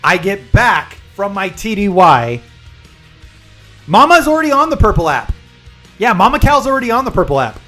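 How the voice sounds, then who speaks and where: A man streaming live, chatting with viewers and rambling through a long personal story, pausing to explain terms. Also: high-pitched, very animated, bright, forceful tone, soft background music.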